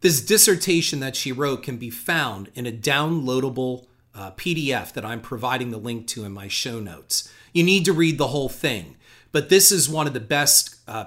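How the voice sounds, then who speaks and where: A man reads quoted text aloud with pointed emphasis, and his pitch swings widely from line to line. He drops into flat, sarcastic asides between the quotes, the way a podcast host talks to his listeners. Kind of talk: reading quotes aloud with commentary.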